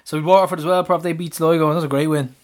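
Irish male podcast co-host, slightly higher pitch, blunt and passionate. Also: steady tone, racing. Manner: blunt, fiery, swearing. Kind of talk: casual football podcast chat.

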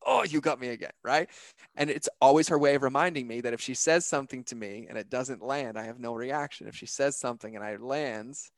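A man's voice: medium pitch, fairly quick, dry recording. A man talking earnestly on a podcast about self-reflection, conversational, with lots of "like" and "right?" in his speech.

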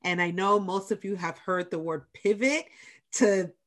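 A woman's voice: medium pitch, measured pace. A middle-aged woman with a New York accent, hosting a casual podcast interview and stressing her points with repetition and encouragement. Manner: emphatic, repeats key points, encouraging. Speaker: podcast host, small business center director.

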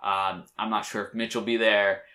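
A man's voice: fairly low pitch, flat delivery, moderate pace, pushed and bright. A man hosting a podcast in casual chat, upbeat and joking. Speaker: podcast host. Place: hot room.

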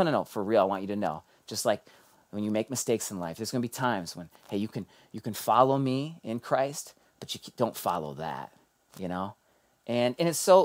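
Male pastor, sermon delivery, animated storyteller moving between hushed and loud. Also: on the low side.

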